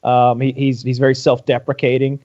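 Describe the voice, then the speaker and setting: A man's voice: mid-range voice, completely flat delivery, brisk, dry recording, muffled recording. A man co-hosting a podcast, rambling and repeating words in casual banter. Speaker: podcast co-host.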